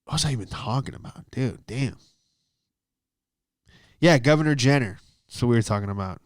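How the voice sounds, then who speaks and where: Rambling, cursing comedian with a smooth voice. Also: male voice, mid-range voice, lively intonation, moderate pace, no room sound, studio quality. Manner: rambling, profane, loses his train of thought. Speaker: stand-up comedian and podcast host. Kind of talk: casual comedic monologue.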